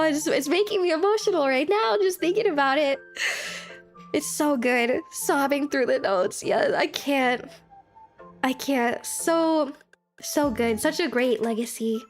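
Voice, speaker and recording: A young woman streaming as a VTuber, chatting casually with her chat, bubbly and giggly, her voice jumping up when she gets excited. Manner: bubbly, giggly, animated, quick pitch jumps when excited.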